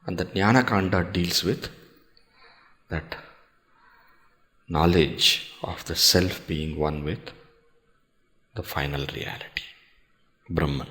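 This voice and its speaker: A man with a very low voice gives a scripture discourse. He speaks slowly and deliberately, pausing often and putting questions to his listeners. Now and then he recites a Sanskrit verse. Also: fairly bright tone. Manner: slow, measured explaining with pauses and rhetorical questions. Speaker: swami teaching scripture.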